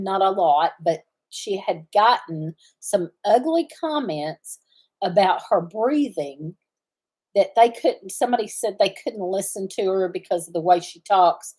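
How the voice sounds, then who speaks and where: A woman's voice: mid-range voice, a little mellow. A middle-aged woman, hosting a casual farm livestream and chatting in a rambling way, often stopping to search for the right word. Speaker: farm channel host.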